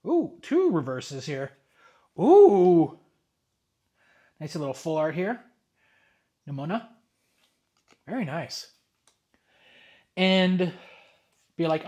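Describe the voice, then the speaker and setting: A young man telling a rambling, exasperated story in a casual vlog, with excited asides as he opens cards. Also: high-pitched, slow pace, pauses often. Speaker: card collector vlogger.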